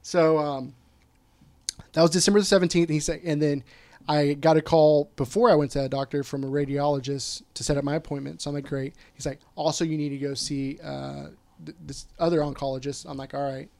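A man guest telling a personal story in casual conversation, candid and quick to swear, often quoting what others said. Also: a little high, little pitch movement, vocal fry, a little mellow.

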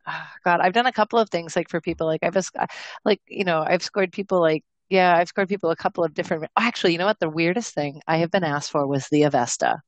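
A young woman with a low voice chats loosely as a podcast guest. She rambles, restarts her sentences and swears now and then. The sound is close and dry. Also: quick pace, dry recording. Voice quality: rambling, many fillers and restarts, swears freely. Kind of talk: casual chat.

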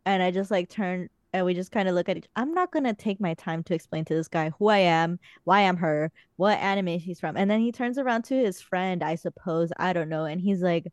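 On a podcast, a young host with a lowish, smooth voice talks a little fast with few pauses, casually recounting stories. Frequent swearing peppers her chat, captured in a dry recording.

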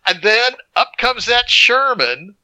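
A man co-hosting a casual movie review podcast, telling a scene as an animated storyteller who acts out the moments. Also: very high-pitched, takes it slowly, dry recording, low-quality recording. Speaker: podcast co-host.

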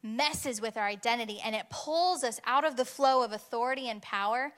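A young woman preaching a sermon, telling a personal story in an animated way and rising to bursts of intensity. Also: fairly high pitch, a little fast.

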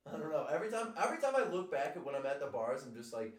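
A young man with a fairly high, very lively voice chats excitably and swears often. He sits back from the mic. The room around him is echoey. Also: very fast, far from the mic, background noise. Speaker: podcast co-host. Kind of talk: casual chat.

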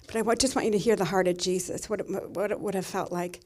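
A woman's voice: medium pitch, fairly even intonation, quick pace, darkish tone. A middle-aged woman pastor giving a sermon, telling a personal story in a tender, emotional way.

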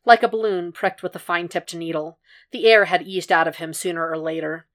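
Woman with a low voice narrating a podfic. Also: fairly even intonation, a little fast. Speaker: podfic reader. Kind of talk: audiobook narration of fan fiction.

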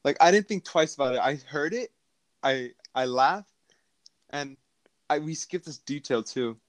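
A man's voice: fairly high pitch, lively intonation, measured pace, no echo. A young man, a guest on a casual chat, teasing and laughing as he recalls old school stories.

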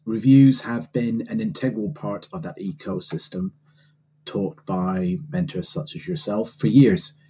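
A man from England with an English accent, leaving a polite, measured recorded question for a podcast host. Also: on the low side, darkish tone, slightly rough, lo-fi sound. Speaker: listener asking a question.

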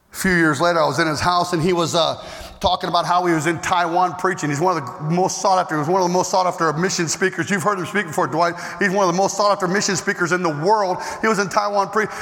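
A man preaching a storytelling sermon with a high, bright voice. He is animated, jumping from loud outbursts to hushed tones. The sound carries the long reverb of a large hall.

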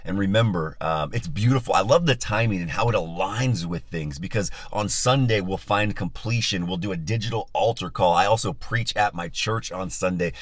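A man's voice: low-pitched, normal speed, few pauses, no room sound. A male pastor leading a live-streamed Bible study, upbeat and enthusiastic as he chats with his listeners, on a phone mic.

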